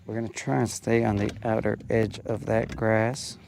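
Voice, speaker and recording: A man's voice: fairly low pitch, level tone, normal speed, gravelly, a little mellow, slight background noise. A man hosting a fishing show, giving laid-back, joking commentary from a boat on a lake.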